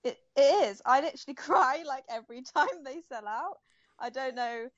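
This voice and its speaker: Guesting on a relaxed interview, a young embroidery artist laughs a lot and talks warmly, full of fillers and restarts. Her voice sits high and is animated, at a moderate pace, in a dull, dry home-mic recording.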